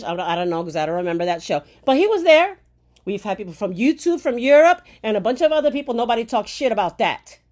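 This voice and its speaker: Woman from puerto rico, angry profane rant, rhetorical questions, loud then low, mid-pitched voice. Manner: heated, profane, fires rhetorical questions with "okay?" tags; shifts from loud outbursts to low, quiet bitterness. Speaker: commentator.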